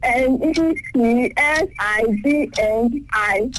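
A woman's voice: a little high, slow pace, a bit bright, a little hiss or hum, rough recording. A woman calling in to a radio quiz, answering politely and addressing the host as ma'am. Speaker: caller. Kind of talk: spelling on a call-in quiz.

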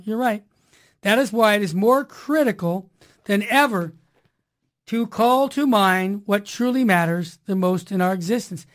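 A woman hosting a Catholic talk show on the radio, with a middle-pitched voice and an energetic manner. She preaches to her listeners and leans on catchy rhyming slogans.

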